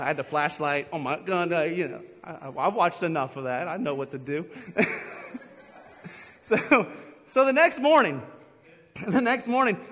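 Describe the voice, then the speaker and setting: A middle-aged man preaching a lively sermon, laughing often and acting out his stories. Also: high-pitched. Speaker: pastor. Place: church hall. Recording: live in a big echoey hall.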